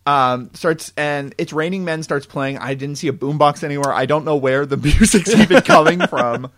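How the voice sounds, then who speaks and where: Guy ranting about a movie plot, kinda high voice, lots of "like", fast and animated. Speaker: podcast co-host. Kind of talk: casual movie review chat.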